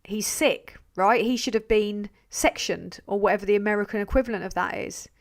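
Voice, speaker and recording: A woman's voice: mid-range voice, fairly quick, vocal fry. A woman hosting a live stream, talking bluntly with frequent swearing, rambling between points and reading out viewer messages. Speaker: livestream host.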